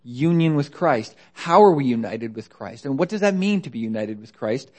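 A man's voice: medium pitch, lively intonation, normal speed, a little mellow. A man preaching a sermon in a conversational way, asking rhetorical questions. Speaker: pastor.

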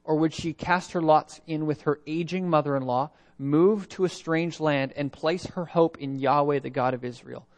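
A man's voice: fairly high pitch, fairly even intonation, normal speed, few pauses. A man preaching a sermon from Canada, reading scripture aloud and asking reflective rhetorical questions. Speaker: pastor.

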